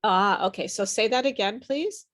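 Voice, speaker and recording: A woman teaching an online English pronunciation class over a video call, slow and patient, her voice a little worn as she says she is losing it. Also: medium pitch, a bit bright. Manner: patient, repeats and models words slowly.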